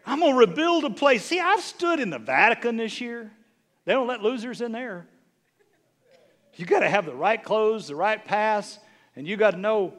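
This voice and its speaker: A man's voice: high-pitched, expressive, moderate pace, fairly bright tone. A middle-aged man preaching a sermon as a bishop, snarky and conversational, teasing his listeners.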